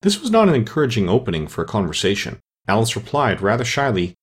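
A man reading a children's storybook aloud as narrator, in expressive, lively storytelling. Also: on the low side, fast talker, breathy edge. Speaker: audiobook narrator.

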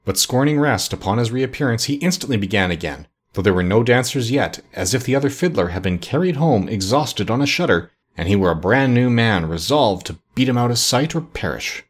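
A man narrating a classic story as an audiobook in a measured, expressive reading. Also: mid-range voice, slightly rough.

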